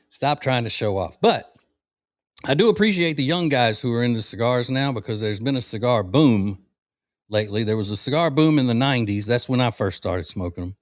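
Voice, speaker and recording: A man's voice: medium pitch, expressive, a little fast, dry recording, studio quality. A middle-aged man from the South, hosting a casual cigar-smoking podcast chat in a rambling, folksy way with fillers and restarts. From American South. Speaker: podcast host.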